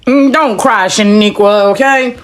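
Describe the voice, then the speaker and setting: A woman's voice: medium pitch, measured pace, noisy background. A woman hosting a reaction video with blunt, teasing, snarky commentary.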